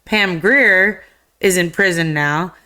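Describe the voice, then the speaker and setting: A woman's voice: fairly low pitch, slow pace. A woman co-hosting a live stream, casually retelling a film's plot with lots of fillers and acted-out lines. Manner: rambling, animated retelling with acted-out quotes. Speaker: podcast co-host. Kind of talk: casual chat recapping a film.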